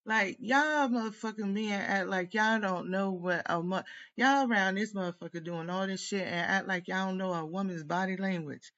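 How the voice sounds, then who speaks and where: A woman's voice: mid-range voice, normal speed, a bit bright, highs cut off. A woman tarot reader delivering a heated, profane, rambling rant straight to camera. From United States. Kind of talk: venting monologue to camera.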